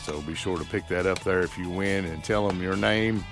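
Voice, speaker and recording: A man hosting a small-town radio show speaks in a fairly low voice, drifting into folksy, rambling talk with plenty of fillers and restarts. Faint music plays softly beneath him on the broadcast. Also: normal speed. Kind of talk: casual local radio chat. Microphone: studio microphone.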